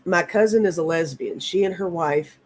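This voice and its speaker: Woman in her 50s chatting on a live stream, earnest and halting, reads out comments. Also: fairly low pitch, darkish tone, slight background noise. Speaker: tarot reader hosting a live stream. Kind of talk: casual live-stream chat.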